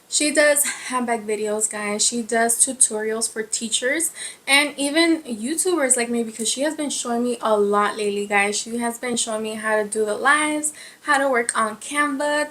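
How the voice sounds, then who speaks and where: A woman vlogger chatting casually to her viewers, excitable and constantly saying "guys". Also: fairly high pitch. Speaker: craft vlogger. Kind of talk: casual chat to camera.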